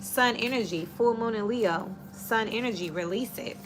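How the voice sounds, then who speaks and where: A woman's voice: a little high, normal speed, noisy background. A woman giving a casual tarot reading, talking in a chatty, direct, coaching way. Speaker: tarot reader.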